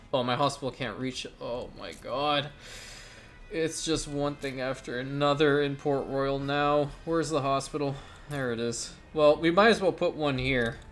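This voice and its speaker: A man talks through a strategy game in casual let's-play commentary, blunt and chatty. His voice sits in a middle pitch, and he rushes through some thoughts in quick bursts. Soft music runs underneath. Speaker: gaming channel host.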